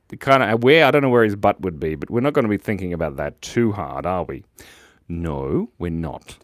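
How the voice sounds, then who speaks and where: A man's voice: sits low, lively intonation, normal speed, dry recording, clean studio sound. An Australian man hosting a live drawing stream, chatting casually and joking as he reads out viewer comments. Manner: playful and jokey, reading out viewer chat.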